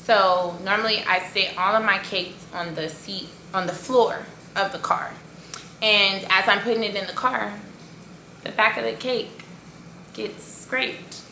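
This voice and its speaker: A woman's voice: mid-range voice, a little slow, slight background noise. A woman who runs a cake business, telling a story in a casual vlog with lots of fillers and playful sound effects. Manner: animated, filler-heavy retelling with sound effects. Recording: echoey room.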